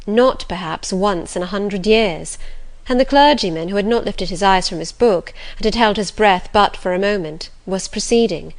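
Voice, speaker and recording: A woman narrating a classic novel aloud in a calm, measured, gentle voice. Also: medium pitch. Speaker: audiobook narrator.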